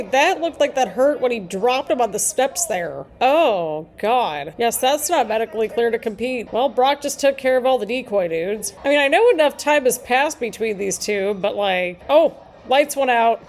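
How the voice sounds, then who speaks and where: Chatty high-voiced woman reaction host. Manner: chatty, animated, laughs often. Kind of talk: casual live reaction commentary.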